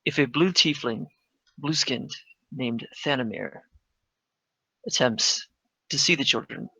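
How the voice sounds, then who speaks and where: A man whispering as a grave hushed warner, whispered role-play. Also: slow, no room sound, full character voice, rough recording. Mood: hushed warning. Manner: low, hushed, urgent.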